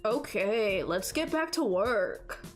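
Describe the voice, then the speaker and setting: A woman streamer reading a visual novel aloud and riffing on it, animated and playful, repeating phrases for laughs. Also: mid-range voice, slow, soft background music. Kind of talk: let's-play commentary and visual novel narration.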